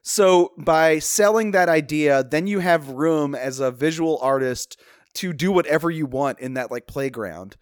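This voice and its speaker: A man's voice: fairly high pitch, measured pace, no room sound, studio quality. A man co-hosting a film podcast in a casual chat, making his points emphatically and swearing for emphasis. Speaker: podcast co-host.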